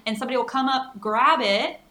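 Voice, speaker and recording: A woman co-hosting a podcast in casual chat, animated, laughing often and slipping in Spanish words. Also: on the high side, a little fast, echoey room. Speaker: podcast co-host.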